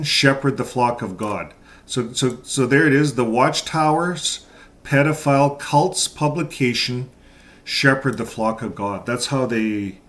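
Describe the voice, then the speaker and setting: A man hosting his own channel, reading out court documents and commenting on them in an indignant, halting way with many fillers and repeated words. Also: mid-range voice, a bit bright. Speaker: channel host.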